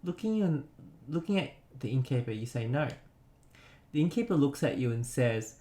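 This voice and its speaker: A man's voice: mid-range voice, lively intonation, normal speed, long pauses, dark tone, slight background noise. A man casually commentating a retro game he remembers, reading its text aloud. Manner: chatty, nostalgic, reads on-screen text aloud. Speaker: let's play gamer. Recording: roomy echo.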